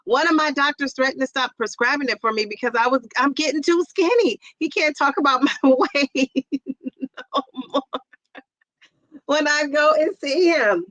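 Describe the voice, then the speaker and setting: A middle-aged woman hosts a casual livestream and chats through viewer comments with frequent laughs. Her voice is fairly high and bright. The sound is close and dry. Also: normal speed, no echo, highs cut off. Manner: chatty, laughs often, exclaims "Jeez Louise". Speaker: livestream host.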